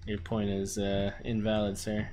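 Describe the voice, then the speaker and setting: A man's voice: on the low side, monotone, a little slow, dark tone. A man hosting a live stream, chatting casually in a laid-back, rambling way with plenty of fillers. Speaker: streamer and host.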